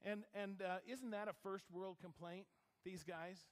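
A fairly high-voiced male pastor gives a sermon with an easy, conversational delivery, checking in with the congregation as he goes. His voice carries a long reverb from the church hall around him. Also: steady tone, unhurried. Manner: conversational, asks the congregation questions. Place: church sanctuary.

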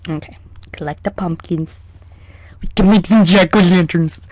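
A let's play gamer giving casual gameplay commentary in a hyper, excitable way, chatting to the creatures in the game. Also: mid-range voice, moderate pace, dry recording.

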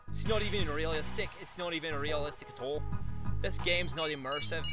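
A man's voice: on the high side, brisk. A man giving casual let's-play commentary as a gaming video creator, chatty and self-mocking, trash-talking the game as he plays. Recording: loud game music behind.

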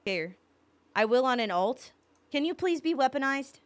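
A woman's voice: high-pitched, animated, normal speed. A woman streamer in casual livestream chat, blunt and exasperated, swearing often.

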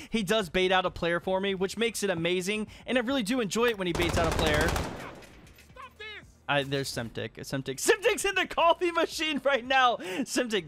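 A young man giving excited gameplay commentary while hosting a hide and seek game, laughing often and scolding players. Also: sits high, a little hiss or hum.

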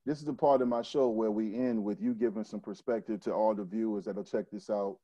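A male interview host with a lowish, mellow voice, affirming his guest and addressing his audience. The sound is dry and close, though muffled and lo-fi. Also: steady tone, brisk, dry recording. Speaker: show host.

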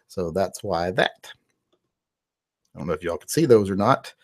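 A man hosting a casual live stream, answering viewer questions in a relaxed, conversational way. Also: deep voice, normal speed. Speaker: channel host answering live chat.

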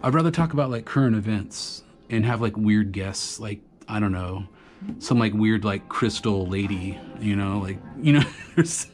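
A man's voice: lowish voice, expressive, normal speed, darkish tone. A man who is a graffiti artist, chatting casually to the camera about his markers and inks as he draws, rambling and laughing often. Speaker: graffiti artist reviewing art supplies. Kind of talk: casual talk to camera while drawing. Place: home art studio. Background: background music.

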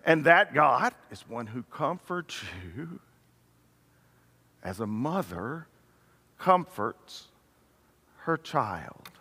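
An older man preaching a sermon, swinging between loud, emphatic passages and hushed, tender ones. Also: medium pitch, sing-song, drawn-out words, vocal fry, long pauses, slightly rough. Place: church sanctuary. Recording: reverberant church hall.

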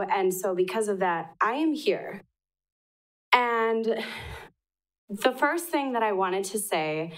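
A woman's voice: mid-range voice, rough recording. A young woman from Wisconsin giving an earnest public comment at a city council meeting.

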